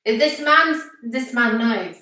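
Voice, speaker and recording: A woman's voice: fairly high pitch, expressive, takes it slowly, pushed and bright. A woman co-hosting a casual home livestream, chipping in with teasing asides. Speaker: livestream co-host. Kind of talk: casual live chat. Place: home, indoors. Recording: echoey room.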